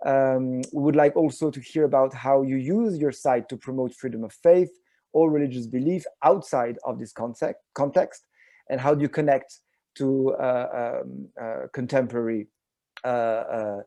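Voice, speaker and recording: A man moderating an online panel on a video call. He pauses often and fills the gaps with many "uh" and "um" sounds. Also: mid-range voice, mellow, no echo. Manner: hesitant, many filler sounds.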